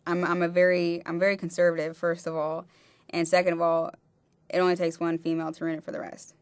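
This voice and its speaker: A woman recounting a personal experience in a halting way, often restarting her sentences. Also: on the low side, completely flat delivery, clean tone, dry recording. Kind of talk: personal testimony.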